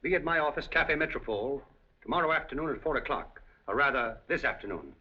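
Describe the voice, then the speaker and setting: Animated and fast, with a medium pitch and breathy edge, a man portrays an older 1930s film casino operator who schemes with suave, commanding smoothness. His urbane tone is dryly amused and coolly threatening, captured on a dull old soundtrack.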